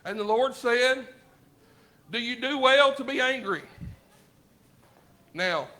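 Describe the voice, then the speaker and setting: High, bright-voiced Southern preacher. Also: male voice, slow. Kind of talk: sermon. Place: church sanctuary.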